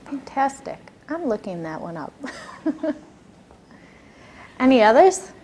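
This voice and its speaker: A woman's voice: high voice, big pitch swings, slow pace, dark tone. A woman giving a workshop lecture on classroom behavior, talking conversationally and asking her audience questions.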